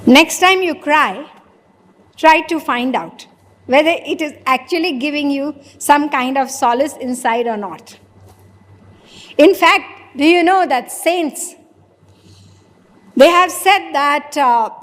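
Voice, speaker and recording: A woman's voice: high-pitched, a bit bright. A woman giving a sermon, asking the audience rhetorical questions and answering them herself. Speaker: spiritual preacher. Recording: long hall reverb.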